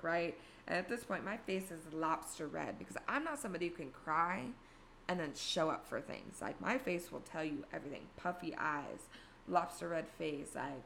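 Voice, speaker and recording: A woman's voice: lowish voice, creaky, fairly bright tone, slight background noise. A young woman telling a personal story in a candid, profane, self-mocking way. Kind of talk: casual storytime monologue.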